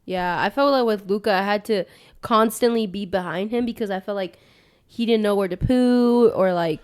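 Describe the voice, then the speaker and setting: A young woman co-hosting a podcast in casual chat, chatty and upbeat, quick to laugh. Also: medium pitch, a little mellow, clean tone, no echo, clean studio sound. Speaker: podcast co-host.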